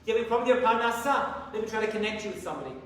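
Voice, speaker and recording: A high-voiced male rabbi preaches a sermon full of stories, speaking very fast and animatedly acting out the dialogue. He is recorded from far away in a large, echoey hall with faint ambience and a little hiss or hum.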